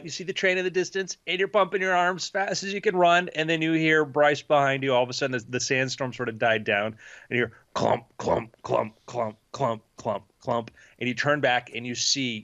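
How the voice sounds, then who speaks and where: A man's voice: mid-range voice, fairly even intonation, normal speed, hardly any pauses, pushed and bright. Brief: male game master, easygoing scene narration, slightly dull lo-fi recording.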